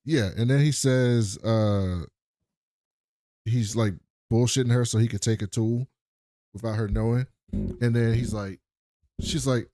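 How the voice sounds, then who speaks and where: An animated man recaps a show with his co-host, swearing freely and slipping into voices for the characters he quotes. His voice sits at an everyday middle pitch. The recording is dry and close. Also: measured pace, long pauses, no room sound. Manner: animated, profane, acts out quotes in funny voices. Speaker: podcast co-host. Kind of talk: casual recap chat.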